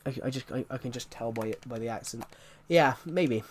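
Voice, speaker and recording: A man's voice: medium pitch, normal speed, slight background noise. A man with a Southwest English accent, a streamer chatting casually and rambling as he answers viewers' questions. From southwest England. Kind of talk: casual live-stream chat.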